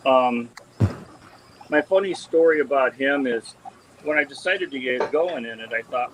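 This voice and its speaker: There's background noise as a fish breeder leads a casual tank tour over a live video call, his camera mic picking him up in an indoor fish room full of aquarium tanks. His medium-pitched voice has lively intonation and a moderate pace, and he rambles with lots of ums and restarts.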